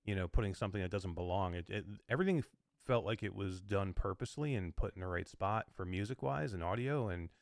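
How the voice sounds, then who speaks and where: Low-voiced man, rambling podcast chat. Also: quick pace, vocal fry, no echo, clean studio sound. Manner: rambling, with filler words like "like" and "you know". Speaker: podcast co-host. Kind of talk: casual game review chat.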